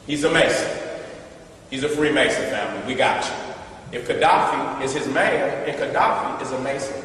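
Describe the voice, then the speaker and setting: A man with a fairly high voice gives an emphatic, casual slide talk. He drives home each point with repeated short questions and swings between loud bursts and low asides. He sounds far from the mic in a booming hall with a long reverb tail and faint noise behind him. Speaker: presenter showing images to an audience. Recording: echoey hall from a distant mic.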